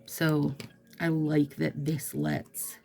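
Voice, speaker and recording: Low gravelly-voiced woman, slow and chatty. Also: very animated, soft background music. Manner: chatty, gushing, trails into soft murmurs. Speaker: nail product vlogger. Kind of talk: casual chat while doing nails.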